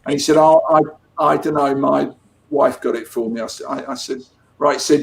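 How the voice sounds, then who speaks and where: A man's voice: on the high side, fairly even intonation, moderate pace, gravelly, a little hiss or hum. Chatty man telling stories. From England. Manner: chatty storyteller with frequent restarts. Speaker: comics artist guest. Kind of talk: casual interview chat.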